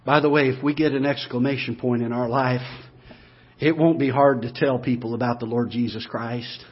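A pastor preaching a sermon, moving from quiet, low talk up to loud, emphatic, repeated declarations. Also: male voice, steady tone, normal speed, breathy edge, highs cut off.

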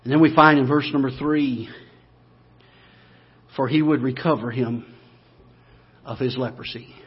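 A pastor preaching a sermon, moving from quiet, low talk up to loud, emphatic, repeated declarations. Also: male voice, steady tone, a little slow, husky, muffled recording.

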